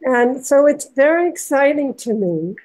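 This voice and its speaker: A woman's voice: high voice, lively intonation, unhurried, low-quality recording. An older woman speaking heartfelt and gushing, laughing between phrases, on a video call. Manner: warm, gushing, laughs often. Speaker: panel guest.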